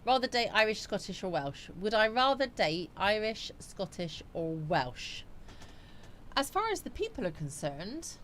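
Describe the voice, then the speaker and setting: A woman's voice: medium pitch, very animated, unhurried, a bit bright, slight background noise. A woman hosting a casual livestream, reading viewer comments aloud and musing on them in a chatty, rambling way. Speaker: livestream host.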